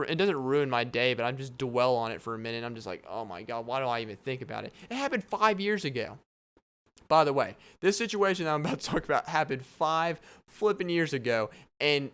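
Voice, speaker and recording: Young man, podcast host, casual rambling talk, laughing asides, clean resonant voice, mid pitch. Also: fairly bright tone, clean tone. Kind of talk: casual solo podcast monologue. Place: home at night, downstairs apartment.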